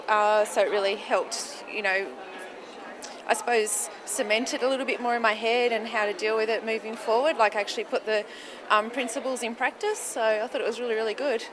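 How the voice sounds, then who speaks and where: A woman giving a casual, enthusiastic testimonial after a seminar, with some fillers. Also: fairly high pitch. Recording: clear background noise.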